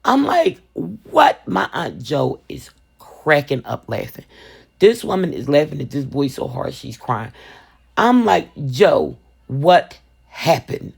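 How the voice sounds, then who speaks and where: Woman, storytime vlog, gravelly, very lively pitch, animated. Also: unhurried. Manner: animated, expressive, laughs often. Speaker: vlogger, resin crafter. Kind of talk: casual storytime.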